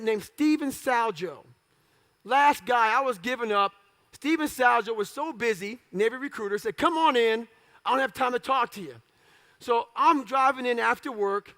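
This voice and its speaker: A middle-aged man speaks in a strikingly high, bright register with a rough, gravelly edge. He tells his story bluntly, swears freely, and plays every part of the conversation himself. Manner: blunt, profane, acts out dialogue. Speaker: motivational speaker. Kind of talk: storytelling speech.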